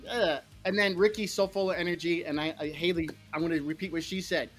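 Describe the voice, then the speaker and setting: Animated lower-voiced woman. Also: fast talker, soft background music. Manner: animated, acting out quotes. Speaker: panel guest. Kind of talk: casual panel chat.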